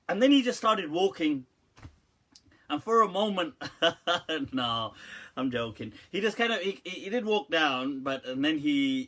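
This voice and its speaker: A man at a medium pitch talks through an informal question-and-answer session as a religious teacher. He tells his stories loosely and often breaks into laughter, quoting lines of poetry as he goes. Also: fairly bright tone. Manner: anecdotal, laughs often, quotes Urdu poetry. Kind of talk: informal Q&A talk.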